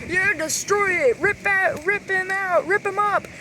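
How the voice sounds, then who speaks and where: A woman acting out a plush toy story, switching between many character voices with excited shouted sound effects. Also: very high voice, unhurried, background noise. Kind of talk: playful toy role-play narration.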